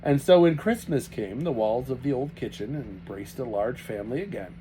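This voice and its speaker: A man reading a children's novel aloud with a steady, unhurried storytelling manner. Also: medium pitch, a little hiss or hum, rough recording. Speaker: reader.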